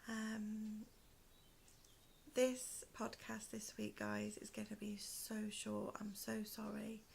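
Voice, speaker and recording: Gravelly British woman, hoarse and slow, soft near-whispered home podcast chat; faint room noise. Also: medium pitch, monotone. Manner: soft-spoken, often trailing into a whisper. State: in pain, hoarse from asthma. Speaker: podcast host. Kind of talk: casual chat to camera. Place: one room at home, indoors.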